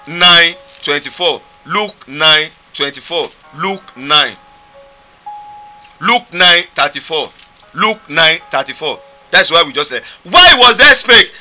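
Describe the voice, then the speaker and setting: Nigerian male pastor, emphatic repetitive sermon delivery, sharp bright tone. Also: high voice. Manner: fervent, emphatic, repetitive preaching. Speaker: preacher.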